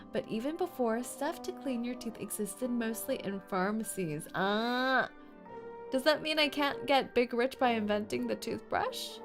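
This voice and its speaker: A woman streaming a game, chatting in a giggly, playful, teasing way. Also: on the high side. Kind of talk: game livestream commentary.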